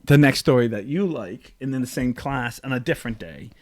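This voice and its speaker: Animated man telling a funny story. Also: mid-range voice, fairly quick. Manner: animated, acts out quotes with big voice jumps, laughs often. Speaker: podcast co-host. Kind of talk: casual storytelling chat.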